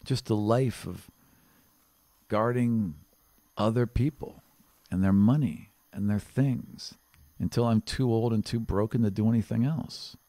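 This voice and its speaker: A man's voice: unhurried, dark tone, no echo, close to an everyday voice. A man doing a restless young guard. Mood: wistful. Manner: wistful, low-key. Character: restless young male town guard, discontented.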